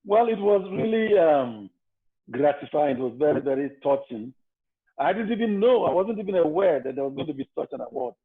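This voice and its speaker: An older man from Nigeria, a guest telling his story in a calm, measured interview manner. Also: fairly high pitch, slightly rough. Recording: tinny phone-like line.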